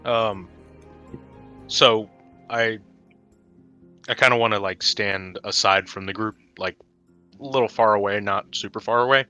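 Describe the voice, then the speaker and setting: A man with a low but bright, forward voice talks hesitantly at the game table. His mic sounds dull and lo-fi, with faint music behind. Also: fairly even intonation. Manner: hesitant, halting. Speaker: player. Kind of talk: casual table talk.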